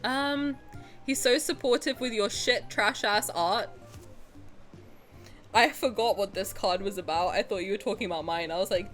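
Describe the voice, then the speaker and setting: A woman's voice: mid-range voice, moderate pace, a bit bright, soft background music. A young woman streamer chatting casually with her viewers as she reacts, gushing and often breaking into laughter.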